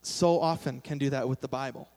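A man's voice: medium pitch, fairly even intonation, fairly quick, a little mellow. A young man preaching a sermon in a casual, self-deprecating way, with sudden emphatic bursts. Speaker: pastor. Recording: long hall reverb.

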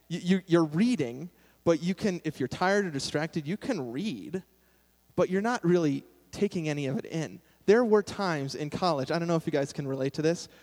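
A man's voice: a little high, a little mellow. Conversational man preaching in a reverberant hall. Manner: conversational, self-deprecating, with sudden emphatic bursts. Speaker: pastor. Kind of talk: sermon.

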